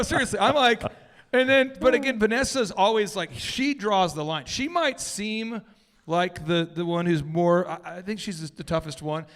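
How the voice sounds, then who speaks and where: A man hosting a business talk, telling an animated story to a live audience and acting out the people in it. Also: sits high, long reverb tail. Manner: excitable, jumps between loud and hushed, acts out quotes. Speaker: business coach and host.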